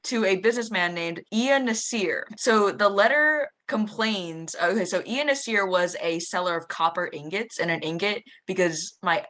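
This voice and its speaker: Giggly bright-voiced teen girl. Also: on the low side, moderate pace, hardly any pauses. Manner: giggly, rambling. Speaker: podcast host. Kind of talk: casual chat.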